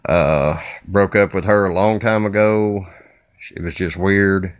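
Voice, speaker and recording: A man's voice: low voice, fairly even intonation, a little slow, no echo, clean studio sound. A man from Kentucky with a Southern accent, hosting a casual solo podcast, talkative and blunt, with folksy jokes and frequent uhs. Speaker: podcast host.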